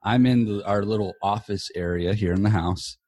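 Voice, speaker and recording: Guy hosting a podcast from his home office, low-ish voice, dry close sound, rambly and swears a bit. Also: normal speed, darkish tone, no echo. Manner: rambling, loose, swears casually. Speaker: podcast host. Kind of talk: casual chat. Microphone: earbuds.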